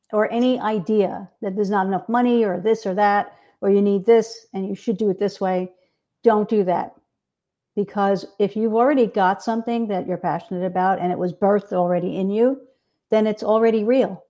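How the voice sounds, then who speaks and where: Mellow-voiced woman guest author. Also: mid-range voice, fairly even intonation, moderate pace, highs cut off. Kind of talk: interview chat.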